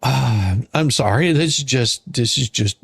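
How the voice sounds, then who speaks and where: Exasperated male commentator, slow and husky, dry close sound, sarcastic rant. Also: mid-range voice, lively intonation, a bit bright, no room sound. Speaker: commentator reading a court filing. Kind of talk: ranting commentary.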